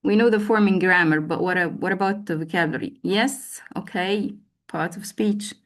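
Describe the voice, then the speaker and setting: A woman's voice: on the low side, normal speed, a bit bright. A woman teacher trainer leading a live online lesson, calling on participants by name and explaining teaching steps with frequent fillers.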